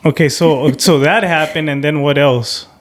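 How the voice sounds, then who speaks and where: A young man co-hosting a podcast, chatting in a laid-back, halting way that sometimes loses the thread. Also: on the high side, steady tone. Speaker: podcast co-host. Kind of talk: casual chat.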